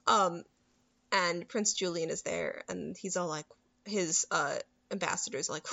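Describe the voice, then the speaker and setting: Woman, casual recap co-host, lively quoting, dull-toned dry recording. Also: fairly low pitch, vocal fry, dry recording. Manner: animated retelling with quick character quotes. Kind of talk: casual chat recapping a movie.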